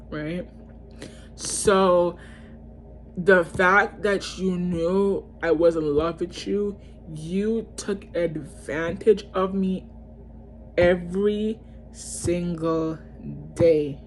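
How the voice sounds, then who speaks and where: A young woman with a somewhat low voice rants through a storytime vlog. She talks in a heated, exasperated way, cursing and repeating herself, with a faint hiss behind her. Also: fairly even intonation, slow pace. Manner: exasperated, heated ranting with heavy cursing and repetition. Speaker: vlogger telling a story. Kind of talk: storytime rant.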